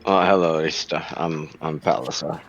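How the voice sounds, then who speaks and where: A man's voice: extremely low pitch, steady tone, normal speed. A man playing a tabletop game, talking in a casual, hesitant way on a dull, lo-fi recording. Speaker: player. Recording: dull lo-fi mic.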